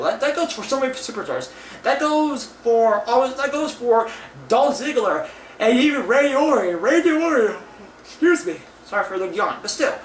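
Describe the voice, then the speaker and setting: A man's voice: high-pitched, fairly bright tone. Rambling, cursing young man, echoey and distant. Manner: profane, ranting, many restarts and fillers. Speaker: wrestling show reviewer. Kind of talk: casual rambling review. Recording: echoey room, far from mic, faint hiss.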